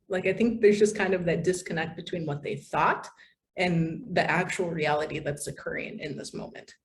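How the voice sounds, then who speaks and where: A woman from the United States, a podcast guest, telling stories in a chatty, animated way with many fillers. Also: on the low side, moderate pace. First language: English. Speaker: podcast guest, content writer. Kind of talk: casual interview chat.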